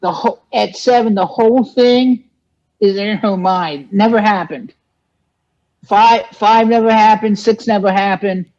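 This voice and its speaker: A man's voice: sits high, fairly even intonation, measured pace, darkish tone. A man guesting in a casual movie chat, rambling through ideas and laughing at them. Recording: dull, lo-fi sound.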